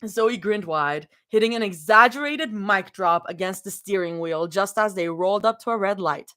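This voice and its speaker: A woman's voice: medium pitch, measured pace, bright, forceful tone. A woman cold-reading fanfiction live, breaking off into giggly, chatty asides. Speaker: fanfiction reader.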